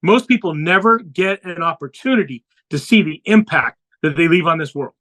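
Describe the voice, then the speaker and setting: A man's voice: a little high, animated, normal speed, fairly bright tone, low-quality recording. A man on a podcast, earnestly telling a personal story and acting out the dialogue he quotes. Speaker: podcast guest.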